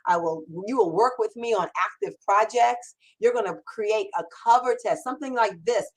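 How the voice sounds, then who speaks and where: An upbeat middle-aged woman hosts a live-streamed Q&A, speaking fairly high. She talks with bubbly energy, stacking repeated words for emphasis and sounding excited. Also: normal speed, low-quality recording. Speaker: host. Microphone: camera mic on a livestream.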